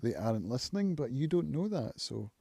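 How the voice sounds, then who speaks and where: Mellow-voiced man musing aloud. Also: medium pitch, sing-song, vocal fry, husky, dry recording. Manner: reflective, musing, thinks aloud with pauses. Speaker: channel host, recovering alcoholic. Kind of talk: casual live-stream monologue.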